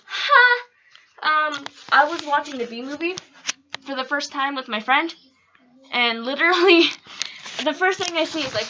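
High, bright-voiced teenage girl vlogging. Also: expressive, normal speed, a little hiss or hum. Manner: rambling and giggly, turning earnest and heartfelt. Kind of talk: casual vlog chat. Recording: dull lo-fi recording.

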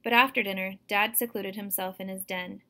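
A woman, a teacher, reading a novel aloud to students in a steady, expressive storytelling manner. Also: medium pitch, brisk.

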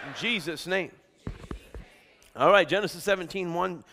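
A middle-aged man preaching a sermon, energetic and exhorting, calling out lines for the congregation to repeat and shouting emphatic points. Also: high voice, moderate pace, long pauses. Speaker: pastor.

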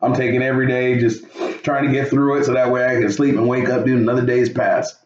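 A man preaching a casual devotional, excitable and laughing often, calling his listeners dude. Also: medium pitch, fast, a little hiss or hum. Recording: echoey, distant, dull room sound.

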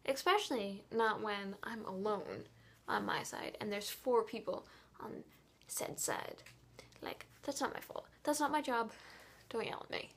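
A tired young woman venting in a casual vlog, talking quietly, often half-whispered, rambling and frustrated. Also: fairly high pitch. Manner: hushed, half-whispered talk. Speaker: vlogger.

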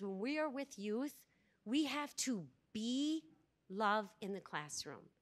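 A woman with a fairly high voice gives a workshop talk at a conference. She tells stories with energy and acts out the dialogue of the people in them for the audience. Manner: animated storyteller, acts out quoted dialogue. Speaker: workshop speaker. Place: conference room before an audience.

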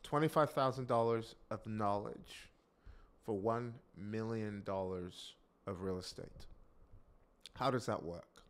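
A man preaching a sermon in an emphatic way, repeating key lines and swinging from loud declarations to hushed asides. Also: fairly low pitch, slow pace.

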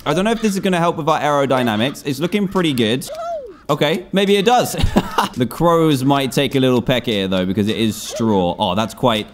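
A young man in his twenties commentating his own gameplay, excitable, exclaiming and groaning at every slip. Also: medium pitch, fairly quick, a little hiss or hum. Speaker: gaming YouTuber.

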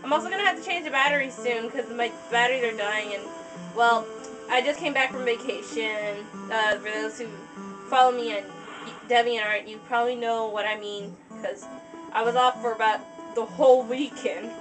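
High-voiced rambling woman gamer. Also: moderate pace, far from the mic, music in the background, rough recording. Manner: rambling, filler-heavy. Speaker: let's play gamer. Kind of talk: casual game commentary.

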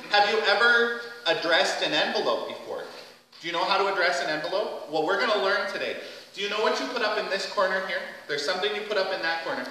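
A man leading a children's message in a church, gentle and playful, asking the kids lots of questions. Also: sits high, quick pace, a little hiss or hum. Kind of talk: children's sermon. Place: church sanctuary. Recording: echoey church hall from far off.

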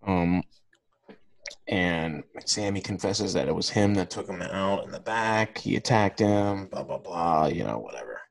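A man's voice: sits low, animated, unhurried, vocal fry. A man co-hosting a podcast, talking casually and rambling with lots of fillers and restarts. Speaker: podcast co-host. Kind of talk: casual chat.

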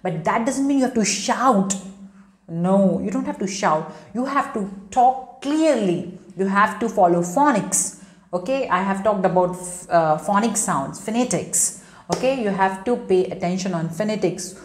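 A woman's voice: mid-range voice, lively intonation, moderate pace, roomy sound. A woman, teaching an online lesson to students, emphatic and repetitive. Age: 30s. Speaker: English teacher. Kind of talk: online spoken English lesson.

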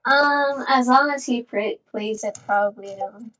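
A woman's voice: on the high side, unhurried, fairly bright tone, recorded from a distance, rough recording. A woman playing a frantic, foul-mouthed gamer girlfriend. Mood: rambling. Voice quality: curses constantly, rambling and dramatic. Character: distraught young woman patient, jealous gamer girlfriend. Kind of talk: improvised comedy role-play.

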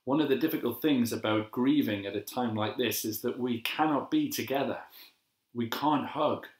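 An English pastor gives a gentle devotional sermon in a mid-range voice, measured and reflective, slowing down to repeat key phrases with emphasis. The recording has an echoey room sound.

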